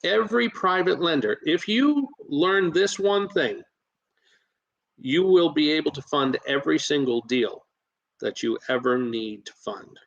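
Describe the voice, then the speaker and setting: A man who invests in real estate, talking as a podcast guest and coaching listeners in a lively way, with plenty of fillers and restarts. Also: a little high, measured pace, gravelly, muffled recording. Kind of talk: casual podcast storytelling.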